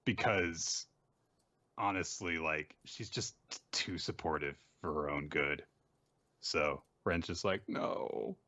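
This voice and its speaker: A man casually recapping manga chapters on a podcast, joking and putting on high voices for the characters. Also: takes it slowly, sharp tone, no echo. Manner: jokey, puts on high voices for quoted characters.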